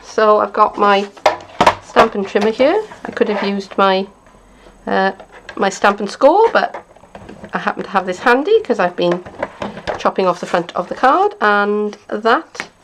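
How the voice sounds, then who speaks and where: A woman demonstrating card-making, chatting and thinking aloud as she works, sometimes dropping to a quiet mutter. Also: medium pitch, expressive, measured pace, background noise. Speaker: craft demonstrator.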